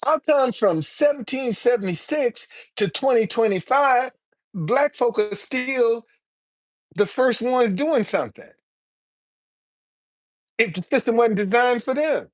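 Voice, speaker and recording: A woman's voice: fairly high pitch, animated, slow pace, long pauses. A woman in her seventies hosting a live stream, talking heatedly to her viewers with a lot of repetition, restarts and swearing. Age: 70s. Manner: fiery, repetitive, profane, stammering restarts. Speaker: livestream host answering viewers.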